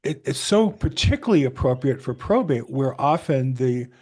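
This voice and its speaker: A man hosting an interview in a relaxed, casual way, quick to laugh. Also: medium pitch, slightly rough. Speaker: podcast host.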